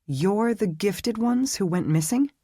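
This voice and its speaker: A woman's voice: mid-range voice, animated, unhurried, mellow, husky, no echo, voice pushed up. A narrator voicing a frightened but tough young woman held captive, asking urgent, breathless questions in a raised voice.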